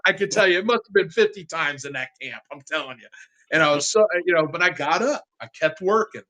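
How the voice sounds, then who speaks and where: Animated, heartfelt man telling stories. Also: on the high side, fairly quick, low-quality recording. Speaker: sports fan guest. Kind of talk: casual interview storytelling.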